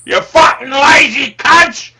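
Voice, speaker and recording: A man putting on a loud, foul-mouthed male Cockney watch dealer who rants and swears. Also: very high voice, takes it slowly, heavy background noise, pitched above the performer's own voice. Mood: ranting. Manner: shouting, swearing, ranting.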